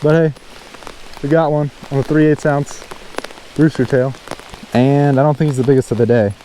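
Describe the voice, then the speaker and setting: A man with a drawl narrates his fishing trip in a mellow, darker-toned voice at an ordinary pitch. He sounds casual and chatty, and he lifts with real excitement whenever a fish bites. Rain patters on the pond's surface around him. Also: normal speed, slight background noise. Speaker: fishing channel host. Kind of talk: casual outdoor vlog narration. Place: outdoors by a mountain pond, in rain.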